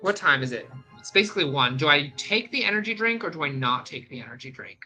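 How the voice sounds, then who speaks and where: A young adult gaming streamer chatting casually on a live stream, rambling into animated rants. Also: mid-range voice, fast talker, soft background music, low-quality recording.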